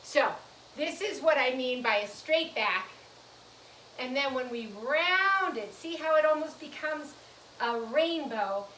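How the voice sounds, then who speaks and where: Woman coaxing little kids thru yoga poses, gentle playful, sounds far off in an echoey room. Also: high voice, animated, takes it slowly, slight background noise. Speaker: preschool yoga teacher. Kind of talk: guided kids' yoga lesson. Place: room in a nursery school. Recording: echoey room, mic at a distance.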